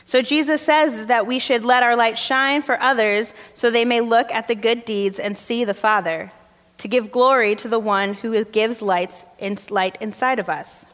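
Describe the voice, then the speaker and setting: A woman's voice: fairly high pitch, normal speed. Woman pastor preaching in a reverberant hall. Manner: conversational storytelling, relaxed fillers. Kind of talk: sermon.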